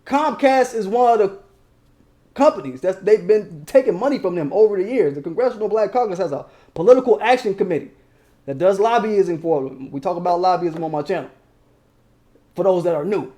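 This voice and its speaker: High-voiced man ranting on his channel. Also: lively intonation, fairly quick, warm tone. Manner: heated, slangy and profane, talks straight to viewers. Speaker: political commentary channel host. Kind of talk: casual political commentary.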